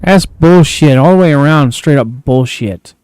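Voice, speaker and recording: A gaming streamer plays a flight game, grumbling to himself and cursing in frustration as casual commentary. His voice is a little high, darkish and clean, and he speaks unhurriedly; there's no room sound, though the recording is rough.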